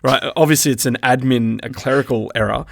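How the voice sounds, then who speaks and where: A man with an Australian accent co-hosting a casual sports podcast, animated and acting out the umpires' lines. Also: medium pitch, brisk, vocal fry. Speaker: podcast co-host.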